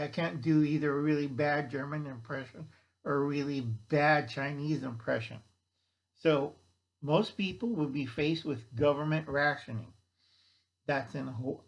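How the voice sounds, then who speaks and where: Folksy male host with a blunt rant, slightly high voice. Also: creaky, poor audio. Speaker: channel host. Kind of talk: rambling monologue.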